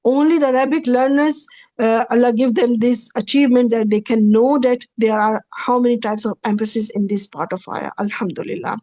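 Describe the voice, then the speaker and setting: A woman's voice: a little high, steady tone, a little fast, dark tone, dry recording, highs cut off. A woman in gives a recorded grammar lecture over slides. She talks patiently, repeats and rephrases each point, and checks in with "okay" before moving on. The recording is dry and close, with no room sound. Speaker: Arabic grammar teacher.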